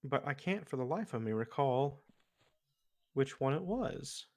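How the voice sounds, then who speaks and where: A man chats casually while playing an online game with a friend. He tells jokes in a rambling way, full of pauses and fillers, at an ordinary middle pitch. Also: lively intonation, a little mellow. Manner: rambling joke-teller with many fillers. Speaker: streamer. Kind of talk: casual gaming chat.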